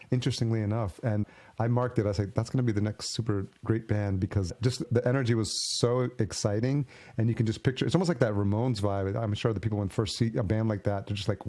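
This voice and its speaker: Male podcast host with a somewhat low voice, eager and laugh-prone. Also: mellow. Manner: enthusiastic, laughs often. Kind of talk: casual interview chat.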